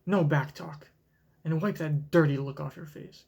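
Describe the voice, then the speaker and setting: A man's voice: fairly high pitch, moderate pace, vocal fry, darkish tone, slightly rough. Kuyaku, a man doing a bossy country-accented woman marine. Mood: teasing. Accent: American Southern country, put on. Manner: teasing, commanding. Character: bossy seductive woman marine officer with a whip.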